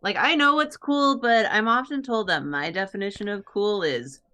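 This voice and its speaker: A woman's voice: medium pitch, normal speed, bright, forceful tone. A woman co-hosting a casual drawing stream, joking dryly and laughing often. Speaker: stream co-host and artist. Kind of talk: casual chat.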